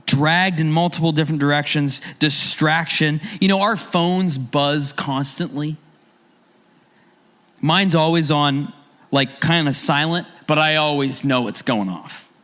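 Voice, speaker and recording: A man's voice: a little high, unhurried, a bit bright. A man preaching a sermon as a pastor, talking in a conversational way and asking his listeners rhetorical questions.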